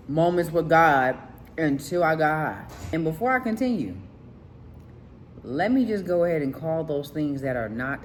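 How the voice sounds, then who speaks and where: A woman's voice: low voice, a little hiss or hum. A woman life coach giving faith-based motivational talk at home, emphatic and preacher-like, repeating declarations and asking the listener questions. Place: at home at a candle-lit dinner table.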